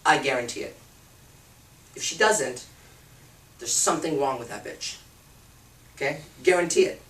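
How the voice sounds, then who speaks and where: A man's voice: mid-range voice, moderate pace, a bit bright, far from the mic. A man giving a live seminar talk to an audience, blunt and emphatic, swearing freely. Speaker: seminar speaker. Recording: roomy hall, speaker off-mic.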